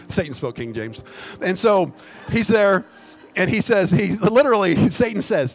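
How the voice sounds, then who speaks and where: A man's voice: sits high, sing-song, unhurried, soft background music. A man preaching a sermon as a pastor, folksy and emphatic, joking as he goes. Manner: folksy, emphatic, jokes and laughs mid-preaching.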